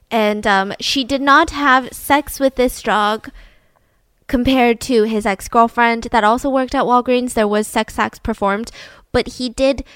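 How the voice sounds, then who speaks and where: A woman's voice: a little high, fairly bright tone, clear, resonant tone, dry recording. Chatty woman telling a true crime story. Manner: chatty, conversational asides. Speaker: podcast host.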